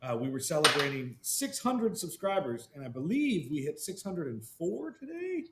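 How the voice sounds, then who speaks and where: A podcast host in relaxed casual chat who swears casually. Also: male voice, fairly high pitch, normal speed. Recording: echoey room, faint noise.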